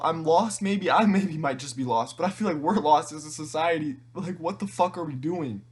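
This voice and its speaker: A teenage man in an emotional monologue to camera, tearful and halting, rambling with frequent restarts and swearing. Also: on the high side, a little hiss or hum. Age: teens. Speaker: vlogger.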